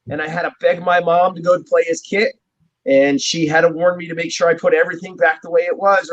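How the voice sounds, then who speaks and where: A man's voice: on the high side, a bit bright. A man from New Jersey, a drummer guest, telling stories in a casual, rambling way and chuckling often. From New Jersey, USA. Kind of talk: casual interview chat. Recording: dull, muffled lo-fi sound.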